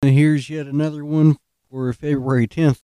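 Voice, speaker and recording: A man's voice: on the high side, flat delivery, normal speed, dark tone, smooth, dry recording. A man hosting a podcast, telling jokey stories in a laid-back way. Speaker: podcast host. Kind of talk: casual storytelling.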